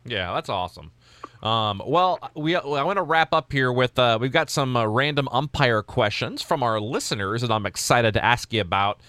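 A man's voice: medium pitch, expressive, moderate pace, pushed and bright, smooth, dry recording. A man hosting a casual interview, asking questions in an upbeat, chatty way. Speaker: podcast host.

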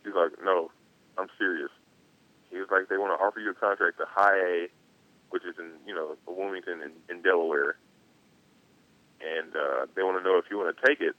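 A man's voice: sits low, a little fast, long pauses, no echo, narrow, tinny audio. A young man, a baseball player, telling a story in an interview, laughing often and acting out what people said. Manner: animated, laughs often, acts out quotes. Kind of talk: casual storytelling.

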